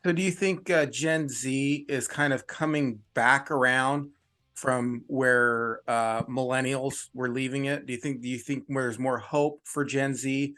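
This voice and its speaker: A man's voice: mid-range voice, steady tone, measured pace, a bit bright. Middle-aged male host, thoughtful. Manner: thoughtful, lays out ideas at length. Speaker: podcast host. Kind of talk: casual chat.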